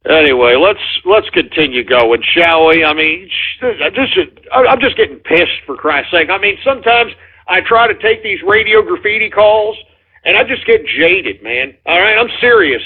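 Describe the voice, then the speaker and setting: Over tinny, phone-like radio audio, a man hosts a call-in show, irritably ranting and swearing at callers as he takes voicemails. His voice sits high and is slightly rough, with lively intonation at a moderate pace.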